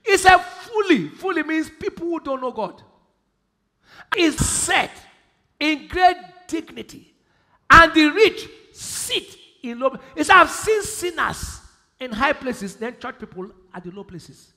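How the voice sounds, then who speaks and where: A man with a Nigerian English accent preaching a sermon, quoting scripture and bursting into shouted emphasis. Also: extremely high pitch, big pitch swings, takes it slowly. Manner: preaching with sudden shouted emphasis and Bible quotes. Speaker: pastor. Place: large church hall. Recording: live church hall with long reverb.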